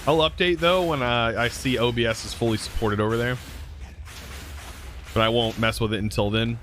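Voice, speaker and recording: A young man live streaming, chatting casually with viewers in a relaxed, rambling way full of fillers and restarts. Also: medium pitch, moderate pace, a little hiss or hum. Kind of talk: casual chat reading viewer comments.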